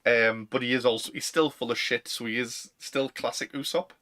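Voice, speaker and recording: A young man with a Northern English accent, co-hosting a casual chat, chatty and quick to laugh. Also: medium pitch, fairly even intonation, sharp tone. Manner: chatty, laughs often, fillers. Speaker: podcast co-host.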